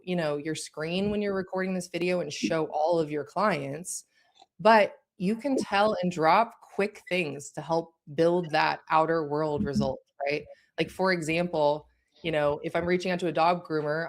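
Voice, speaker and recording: A woman's voice: low voice, normal speed. A woman instructor teaching a course in a conversational way, speaking directly and checking in with her listeners.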